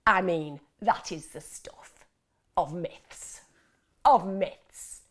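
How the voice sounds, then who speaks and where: A woman's voice: fairly low pitch, drawn-out words. Chatty woman host. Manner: chatty, animated, laughs often, mimics voices. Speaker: host of a mental health Q&A livestream. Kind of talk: casual live chat, reading viewer questions.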